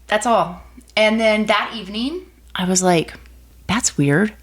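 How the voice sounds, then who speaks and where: A woman in her thirties telling a personal faith story as a podcast guest, animated, acting out quoted voices. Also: measured pace. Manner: animated storyteller, acts out quoted voices with big pitch jumps.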